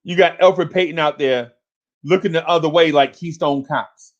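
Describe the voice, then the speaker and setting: Exasperated male sports-stream host, fairly high voice, repetitive ranting that climbs to shouts, dull lo-fi audio. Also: normal speed. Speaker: sports talk livestream host. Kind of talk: ranting sports talk livestream.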